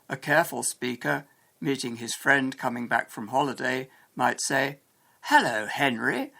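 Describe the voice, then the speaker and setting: Guy with a bit of fry in his voice reading a language lesson, calm and measured, mid pitch. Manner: measured, explanatory. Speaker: English teacher. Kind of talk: scripted educational narration.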